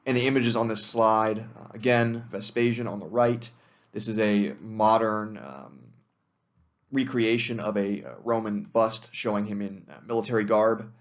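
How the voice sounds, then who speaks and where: A man's voice: lowish voice, moderate pace. Guy lecturing on history, loose chatty delivery lots of uh and um, kinda dull lo-fi sound. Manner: casual, conversational with frequent fillers. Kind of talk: recorded video lecture.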